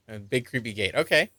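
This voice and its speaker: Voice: medium pitch, pushed and bright, slight background noise. A streamer giving casual, amused let's-play commentary and reading game dialogue aloud.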